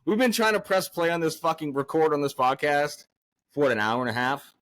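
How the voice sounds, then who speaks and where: A man's voice: on the high side, fairly quick, a bit bright. A man hosting a casual podcast, swearing constantly and swinging from angry rants to hyped cheer. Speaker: podcast host.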